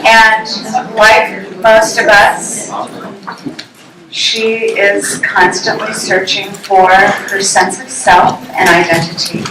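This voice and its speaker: A woman hosting a live storytelling event, announcing the next speaker in a deliberate way. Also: medium pitch, noisy background. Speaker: event host. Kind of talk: stage introduction. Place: live stage with audience. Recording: distant roomy mic, loud crowd.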